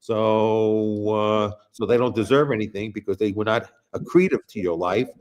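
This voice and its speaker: A man's voice: fairly low pitch, fairly even intonation, moderate pace, darkish tone. A man hosting a casual political talk show, telling a long story in a rambling way with many restarts and blunt profanity. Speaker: show host.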